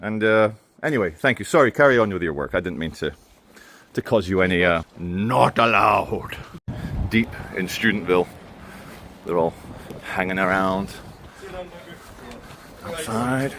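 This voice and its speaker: A man's voice: low voice, lively intonation, normal speed, long pauses, fairly bright tone. An English man walking through city streets, filming himself for viewers with mocking, chatty commentary. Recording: faint street noise outdoors.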